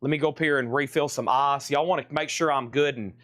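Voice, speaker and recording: A man's voice: medium pitch, steady tone, brisk, fairly bright tone, no echo, clean studio sound. A man hosting a live-streamed record sale, chatty and rambling as he runs through auctions. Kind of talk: live-stream sales patter.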